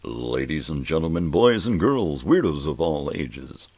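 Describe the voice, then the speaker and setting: A man putting on the voice of a booming male ring announcer with a loud showman delivery. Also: very animated, measured pace, dry recording, exaggerated voice. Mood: grandiose.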